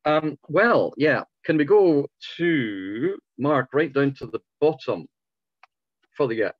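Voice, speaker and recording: A man with a hoarse, failing voice, patiently explaining to a club over a video call, often restarting his sentences. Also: fairly high pitch, animated, slow, dry recording, highs cut off. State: hoarse, voice going. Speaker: club speaker. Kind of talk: informal talk answering questions.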